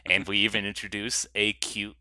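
A man's voice: fairly low pitch, monotone, moderate pace, bright, forceful tone, no echo. A young adult man co-hosting a podcast, ranting sarcastically in casual chat. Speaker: podcast co-host.

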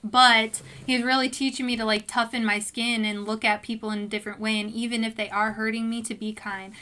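A woman's voice: fairly quick, rough recording. A young woman in casual conversation about faith, telling stories and acting out her own reactions with lots of filler words. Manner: animated storytelling, acts out her own reactions in a high sweet voice.

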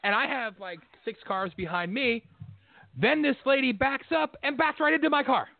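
A man's voice: very high voice, normal speed, vocal fry, no room sound. A man hosting a casual conversation, telling a story bluntly with plenty of profanity and getting more worked up as he goes. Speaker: host. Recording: tinny phone-line audio.

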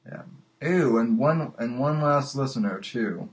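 Male call-in show host, slow and stammering, laughing at callers. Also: mid-range voice, lively intonation. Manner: halting, repeats his words, laughs often. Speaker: podcast host. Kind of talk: live call-in show chat.

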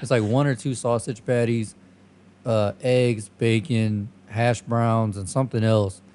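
A man's voice: medium pitch, fairly even intonation, measured pace, darkish tone, a little hiss or hum. A man in casual chat with friends, joking, swearing and laughing often.

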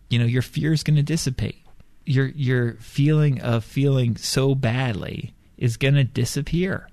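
Man, self-help teacher, gravelly voice; blunt, profane, emphatic delivery; dry close sound. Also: mid-range voice, darkish tone, no echo. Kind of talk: motivational monologue.

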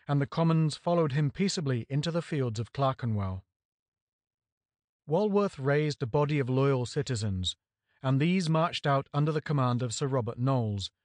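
A man reading a history book aloud in a measured, even audiobook narration. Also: medium pitch, dry recording. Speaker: audiobook reader.

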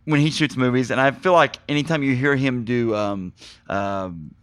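A man hosting a casual movie podcast, talking in an animated, rambling way and getting excited as he goes. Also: mid-range voice, moderate pace, smooth, no echo. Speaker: podcast host. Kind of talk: casual movie review chat.

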